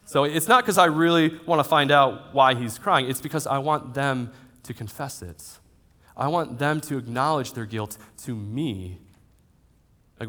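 A man preaching to a congregation in an auditorium, his voice sitting at a middling pitch. He swings often between loud, emphatic passages and soft, slowed-down phrases, with conversational asides mixed into the sermon. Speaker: pastor. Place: church auditorium. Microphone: handheld or headset mic.

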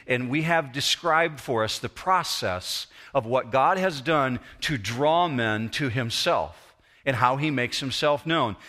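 A pastor delivering a Sunday sermon in a church auditorium. His voice sits at a mid pitch with a bright, forceful edge, and he moves earnestly between prayer, storytelling and patient explanation of scripture.

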